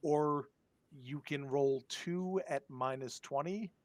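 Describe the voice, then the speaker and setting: A man running a tabletop horror game narrates in a voice on the high side, recorded on a dry, close mic with no echo. His delivery is halting, and he often says um and restarts as he describes scenes.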